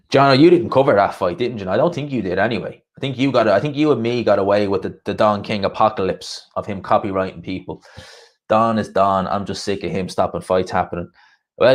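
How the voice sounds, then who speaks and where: A chatty man hosts a boxing livestream, rambling loosely through viewer comments with frequent laughs. His voice sits fairly low. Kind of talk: casual chat reading viewer comments.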